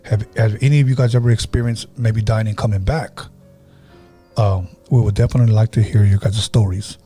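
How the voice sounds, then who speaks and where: A man hosting a paranormal podcast, telling stories and taking calls in a casual, unhurried way. His voice is mellow and a little husky. Faint music plays behind him. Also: fairly low pitch. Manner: relaxed storyteller, acts out quoted voices; takes calls from listeners. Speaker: podcast host.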